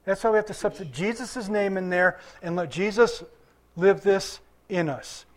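A man's voice: sits high, normal speed. An older man preaching a sermon to his congregation, conversational, asking questions and waiting for answers, recovering from illness. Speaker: pastor.

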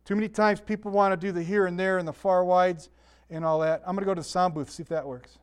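A pastor preaching a conversational sermon, mixing scripture with chatty asides and self-deprecating jokes. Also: male voice, high-pitched, steady tone, fast, smooth.

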